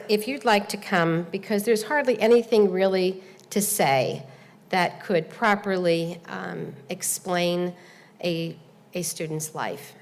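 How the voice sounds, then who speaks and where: A woman with a lowish voice gives a formal, earnest speech to a seated audience. She tells her story at a measured pace, with pauses and small fillers. Her voice echoes with a long reverb through a large hall. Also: slight background noise. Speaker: event host and presenter. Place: large hall at a speaking seminar.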